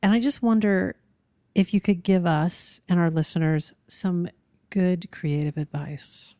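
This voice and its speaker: Female podcast host, low voice, dry close recording, encouraging and chatty. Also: steady tone, no room sound. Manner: warmly supportive, quick affirmations. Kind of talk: casual interview chat.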